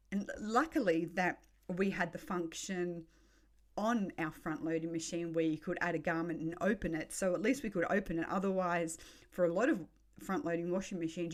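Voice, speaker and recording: A woman, hosting a podcast and telling a story in a frank, sweary way. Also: lowish voice. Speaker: podcast host. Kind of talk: casual storytelling.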